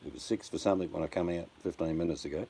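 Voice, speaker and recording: A man's voice: deep voice, steady tone, very fast, dark tone, husky. An older Australian man chatting casually on a live stream, blunt and joking, addressing his viewers by name. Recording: faint background noise.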